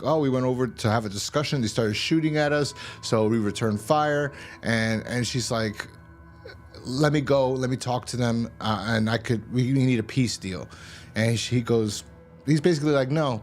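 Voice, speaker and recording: A man's voice: medium pitch, moderate pace, soft background music. A man hosting his own show, casually recapping a TV episode in a rambling way, paraphrasing dialogue loosely and swearing now and then. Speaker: show host reviewing a TV episode.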